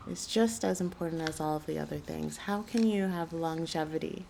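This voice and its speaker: A woman giving a soft, soothing channeled spiritual reading, with a gravelly morning voice. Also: low-pitched, a little hiss or hum. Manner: slow, soft and soothing, gentle guidance. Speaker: intuitive reader. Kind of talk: channeled tarot-style reading.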